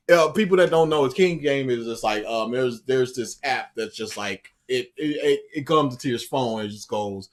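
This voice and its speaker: A man co-hosting a casual anime podcast, rambling with restarts and growing loud and laughing when he retells scenes. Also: mid-range voice. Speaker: podcast co-host. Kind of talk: casual chat.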